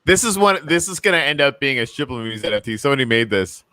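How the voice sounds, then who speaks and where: A young adult man co-hosting a casual show, talking with excitement and lots of fillers. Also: medium pitch, quick pace, a little hiss or hum. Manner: enthusiastic, rambling with many fillers. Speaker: co-host. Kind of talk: casual podcast chat.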